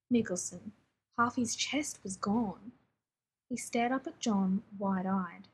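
Woman, story reader, breathy, husky, fairly high, wry. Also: low-quality recording. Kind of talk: story reading.

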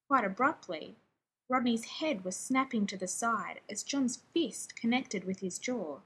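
A woman narrating a story aloud in a steady, expressive reading. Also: on the high side, husky, low-quality recording. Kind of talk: fan fiction audiobook reading.

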